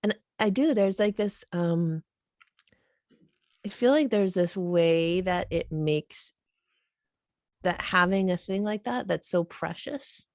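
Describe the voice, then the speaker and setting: A woman's voice: fairly low pitch, takes it slowly, pauses often, no room sound, studio quality. A woman co-hosting a podcast, speaking thoughtfully in casual conversation and animatedly quoting other people. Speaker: podcast co-host.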